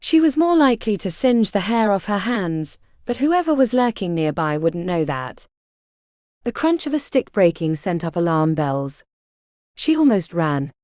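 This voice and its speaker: A woman reading a fantasy audiobook aloud in an expressive, dramatic way. Her voice is dark and mellow, with wide, lively pitch movement, and the recording is close and dry. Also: measured pace, dry recording. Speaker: audiobook narrator. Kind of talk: scripted audiobook narration.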